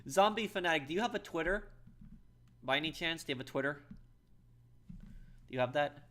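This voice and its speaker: A man's voice: a little high, animated, a bit bright. A man streaming a video game, chatting casually with viewers, often repeating words and stopping to read comments aloud. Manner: halting, repeats words, reads chat aloud. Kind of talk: casual live-stream chat.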